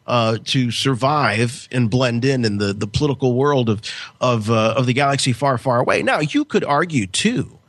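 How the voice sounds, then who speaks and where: A man hosting a podcast, chatting in an enthusiastic, lively way. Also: medium pitch, normal speed, no room sound. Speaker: podcast host. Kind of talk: casual chat.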